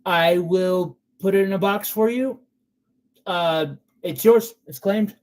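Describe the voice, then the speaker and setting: A man's voice: sits high, slow, a little mellow. A man selling gemstones on a live stream, chatting in a casual, sentimental way with loose fillers. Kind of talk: casual live sales chat.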